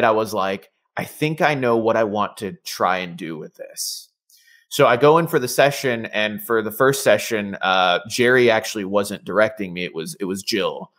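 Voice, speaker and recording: A young man talks loosely as an interview guest, restarting sentences and leaning on fillers. His voice sits a little low. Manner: relaxed, rambling, many fillers and restarts. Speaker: voice actor guest. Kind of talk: casual interview chat.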